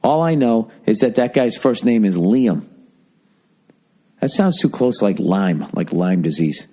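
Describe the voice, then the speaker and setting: A man's voice: fairly low pitch, lively intonation, measured pace, warm tone. A middle-aged man hosting a podcast, riffing in a profane, sarcastic, rambling monologue. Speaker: podcast host.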